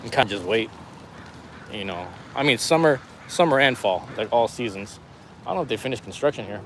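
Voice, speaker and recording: A man talks into his phone while he walks a rainy city street on a live stream, drifting easily from thought to thought in relaxed slang. His voice sits at an ordinary pitch and sounds slightly worn. Faint street and traffic noise runs underneath. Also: fairly quick. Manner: laid-back, rambling street talk with slang. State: losing his voice. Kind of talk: casual walking live stream. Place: outdoors on a city street in the rain.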